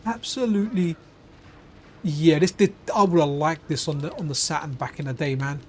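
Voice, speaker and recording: A man's voice: on the high side, moderate pace, a little mellow, slight background noise. A middle-aged man giving casual gameplay commentary as a retro gaming YouTuber, chatty and laughing often as he tells stories.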